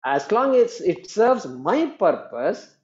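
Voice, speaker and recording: A man teaching a class on scripture, talking in an animated way with many repetitions and acted-out quoted voices. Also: high-pitched, slow pace, lo-fi sound.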